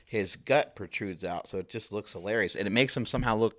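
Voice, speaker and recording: A male podcast host with a lowish voice tells rambling, cuss-filled gym stories in loose chat. The sound is close and dry, with no room around him. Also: brisk, dry recording. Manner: profane, rambling storyteller.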